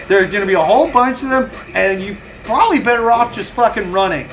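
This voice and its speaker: On a low-quality recording with slight background noise, a man streams live in a high, bright voice with lively intonation and a quick pace. His casual chat turns into profane rants punctuated by frequent laughter.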